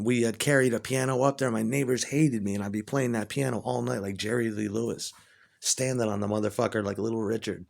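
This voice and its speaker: A man's voice: medium pitch, fairly quick, creaky. Profane rambling male storyteller. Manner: profane, rambling, excitable when retelling. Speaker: musician. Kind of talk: casual storytelling monologue.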